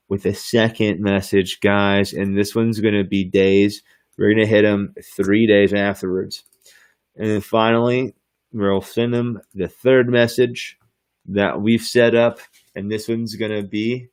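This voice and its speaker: A man with a fairly low voice hosts a podcast and demos software on screen. He talks in hyped, slangy sales patter and laughs often. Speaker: podcast host. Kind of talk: screen-share software demo.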